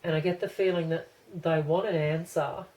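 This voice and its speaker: A woman's voice: low voice, steady tone, normal speed, darkish tone, a little hiss or hum, rough recording. A woman giving a casual pick-a-card tarot reading to camera, rambling and thinking aloud with many restarts.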